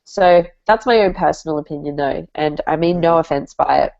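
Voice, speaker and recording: A woman's voice: low voice, brisk, gravelly, a little mellow, no room sound. A woman with an Australian accent, a guest on a casual video-call panel, speaking frankly. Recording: dry lo-fi video call audio.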